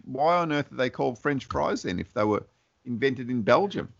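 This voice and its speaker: A man's voice: mid-range voice, expressive, normal speed, creaky, no room sound. A man with an Australian accent, co-hosting a podcast in casual chat, thinking aloud with lots of laughs and restarts. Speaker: podcast co-host. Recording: dull lo-fi sound.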